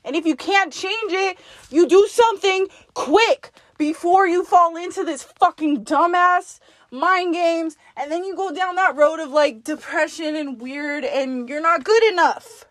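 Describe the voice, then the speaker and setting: A woman hosting a podcast, talking to herself in the second person in a blunt, profane, forceful pep talk. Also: very high voice, a little slow, no echo. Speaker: podcast host. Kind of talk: self-directed pep talk monologue.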